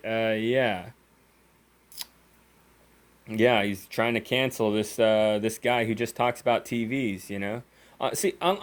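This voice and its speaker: A young man rants in a casual vlog, swearing freely and slipping into sarcasm. His voice sits at an ordinary middle pitch, loose and conversational, with many fillers and restarts. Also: clean tone. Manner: profane, sarcastic ranting with frequent fillers and laughs. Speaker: gaming YouTuber.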